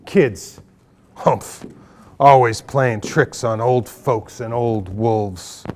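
A man voicing a grumpy, hungry old male wolf who is hard of hearing, grumbling gruffly while reading a children's storybook aloud in a library. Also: medium pitch, extremely slow, darkish tone, slight background noise. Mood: greedy, grumpy. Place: public library, live audience of children.

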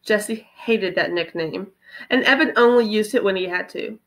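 A teacher with a mid-range voice reads a children's chapter book aloud to her class at normal speed. She tells the story expressively, leaning into every line.

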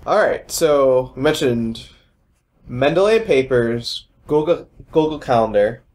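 A man's voice: medium pitch, lively intonation, unhurried, darkish tone. A young man hosting a podcast in casual chat, joking and wandering off on tangents. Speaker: podcast host.

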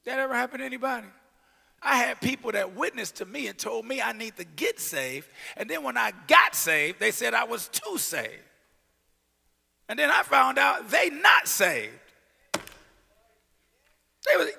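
A male pastor preaches in a church sanctuary, his voice set high and swinging widely in pitch. The tone is bright and gravelly, and he shouts scripture between casual asides. A long hall reverb trails each phrase. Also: very animated, moderate pace. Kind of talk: sermon.

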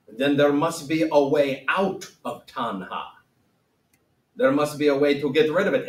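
A man's voice: mid-range voice, close to an everyday voice. A man voicing a solemn, wise ancient male sage in a put-on accent with broken grammar, teaching a playful lesson. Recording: roomy echo, mic at a distance.

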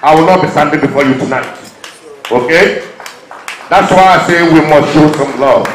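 A Nigerian man speaking from a stage with a fairly high voice. His delivery is impassioned, swinging between loud urging and hushed, emotional stretches. The sound rings around an echoey venue. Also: normal speed, a little hiss or hum. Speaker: performer speaking to an audience.

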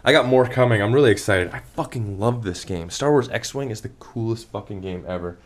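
A man's voice: fairly low pitch, fairly quick. A young man venting angrily and profanely about broken gear in a casual, rambling vlog. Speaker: vlogger.

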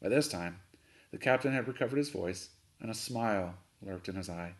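A man, a coach, reading a chapter book aloud with expressive storytelling narration. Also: on the low side, normal speed.

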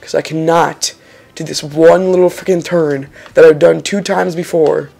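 A young man giving casual, excitable let's-play commentary over a racing game, swearing and exclaiming when he makes mistakes. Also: fairly high pitch, normal speed, gravelly. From Lithuania. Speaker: gaming channel host.

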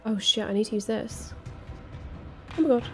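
A woman's voice: on the high side, normal speed, faint music behind. Jumpy woman gaming, swearing nervously. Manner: jittery, swearing, repeating herself when scared. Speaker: let's play gamer. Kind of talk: casual horror game commentary.

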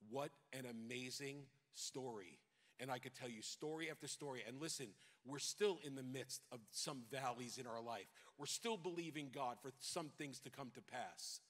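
A middle-aged New York pastor with a local accent preaches, urging his congregation on with mounting intensity. His voice is medium in pitch and fairly bright, at a moderate pace. The recording has a long hall reverb.

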